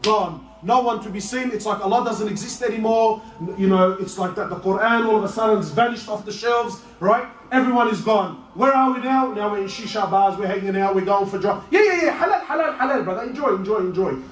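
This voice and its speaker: A man preaching a sermon in an animated way, with shouted peaks and playful asides. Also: high voice, brisk, hardly any pauses. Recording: roomy echo, voice from a distance, faint noise.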